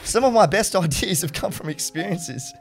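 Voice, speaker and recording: A man's voice: high-pitched, animated, moderate pace. Young man musing, faint music behind. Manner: offhand musing, laughs mid-sentence. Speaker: podcast guest. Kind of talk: casual chat.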